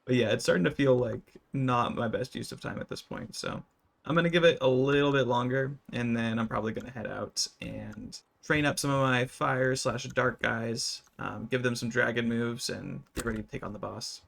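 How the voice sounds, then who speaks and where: A man giving relaxed, rambling commentary over his gameplay, with many fillers. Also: mid-range voice, moderate pace, vocal fry. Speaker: gaming YouTuber.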